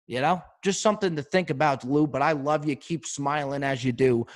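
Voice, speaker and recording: Animated male comedy podcast host. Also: mid-range voice, fairly quick, hardly any pauses. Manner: animated, riffing, with frequent asides to listeners. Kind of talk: comedic monologue.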